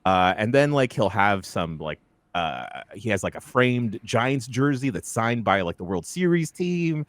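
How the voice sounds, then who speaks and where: A man's voice: fairly low pitch, very animated, measured pace, dry recording. A man hosting a podcast, telling a story in a casual, laughing way into a studio microphone. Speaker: podcast host. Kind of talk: casual chat.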